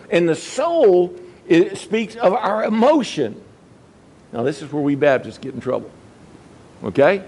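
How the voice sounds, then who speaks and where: A middle-aged Baptist pastor preaches a sermon, moving between quiet, low passages and high, emphatic peaks. The recording is rough.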